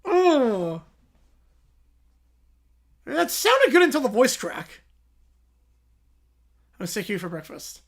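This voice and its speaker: A man's voice: very high-pitched, very animated, slow pace, pauses often. A man hosting a livestream, reacting aloud in casual chat and thanking viewers. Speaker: livestream host.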